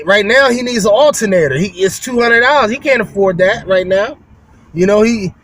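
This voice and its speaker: In a loose, folksy vlog, a man who runs a window cleaning business chats with viewers, addressing them as "y'all." His voice is high and a bit bright, and his casual monologue is packed with fillers and restarts.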